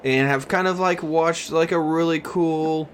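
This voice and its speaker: A man's voice: fairly high pitch, fairly even intonation, unhurried, slight background noise. A man in his thirties co-hosting a podcast, chatting casually and joking, rambling with lots of fillers. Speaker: podcast co-host. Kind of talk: casual chat.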